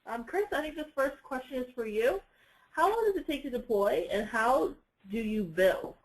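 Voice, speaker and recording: A woman moderating a webinar, reading brisk housekeeping reminders with a few "um" fillers before handing off questions. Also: sits high, lively intonation, rough recording.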